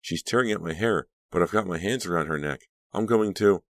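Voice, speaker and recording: A man's voice: extremely low pitch, lively intonation, normal speed, fairly bright tone, no echo, heavily acted. A man reading an audiobook, voicing an anxious, troubled teenage girl who sounds tense and breathless. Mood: frantic. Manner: tense, pleading, breathless at times.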